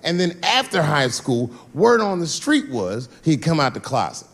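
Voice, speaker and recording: A man's voice: sing-song, moderate pace, fairly bright tone. Profane storytelling stand-up comedian man. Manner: profane, loose storytelling with sudden high-pitched bursts. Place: live comedy stage.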